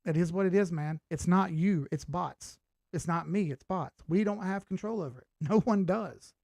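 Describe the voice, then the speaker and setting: High-voiced laid-back man in his thirties. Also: normal speed, gravelly, darkish tone. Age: 30s. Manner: laid-back, talks straight to viewers, swears casually. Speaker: crypto chart analyst and livestream host. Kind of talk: casual livestream chat.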